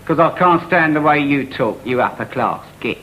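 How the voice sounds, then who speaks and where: A man's voice: a little high, animated, moderate pace, heavy background noise, close to an everyday voice. An actor playing a resentful, defiant son in his twenties with a working-class English accent, in a 1960s TV sketch. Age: 20s. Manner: sullen, cheeky, defiant. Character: resentful 25-year-old son, rebellious, sullen.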